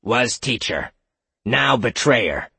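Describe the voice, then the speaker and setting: A man doing a monotone mimic chest monster. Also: mid-range voice, takes it slowly, creaky, breathy edge, dry recording, long reverb tail, voice pushed up, heavily acted. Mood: flat. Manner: monotone, terse broken phrasing.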